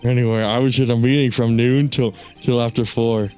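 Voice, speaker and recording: A man doing a quiet, shy British actor. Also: mid-range voice, little pitch movement, brisk, faint music behind, natural voice. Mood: subdued. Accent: put-on British. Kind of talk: reading game dialogue aloud.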